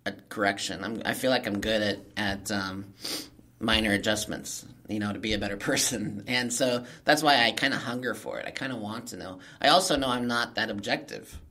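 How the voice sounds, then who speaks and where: Bright-voiced male podcast host. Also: lowish voice, brisk. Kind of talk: casual interview chat.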